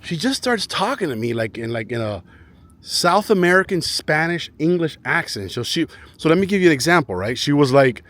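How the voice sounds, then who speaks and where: A man's voice: fairly high pitch, big pitch swings, normal speed, fairly bright tone. Rambling man vlogging outdoors. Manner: rambling, repeats words and restarts often. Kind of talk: casual chat to camera. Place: outdoors in a residential neighborhood.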